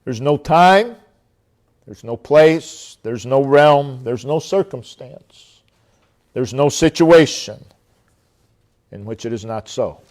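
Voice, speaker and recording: An expressive male preacher gives an emphatic sermon, holding long dramatic pauses and sinking into a low, quiet voice for God's words.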